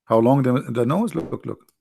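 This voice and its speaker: Gravelly man with an Arabic accent. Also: mid-range voice, normal speed, a little hiss or hum. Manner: animated, mocking, repeats himself. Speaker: online show host. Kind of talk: casual live-stream talk.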